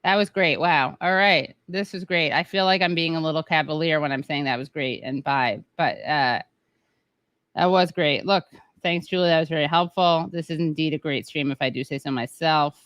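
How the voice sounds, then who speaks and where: A woman hosts a livestream over a video call. Her voice sits a little low, and the sound is dry and close. She is chatty and self-deprecating, with quick asides. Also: a bit bright, clean tone, dry recording. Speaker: host. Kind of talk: livestream hosting chat.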